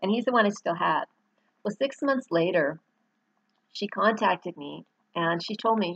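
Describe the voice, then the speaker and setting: A middle-aged woman, an author and dog owner, rambles through a heartfelt personal vlog, showing photos to the camera and getting choked up at times. Her lowish voice is husky and creaky with a fairly bright tone, lively intonation and normal speed. The audio is lo-fi with no echo.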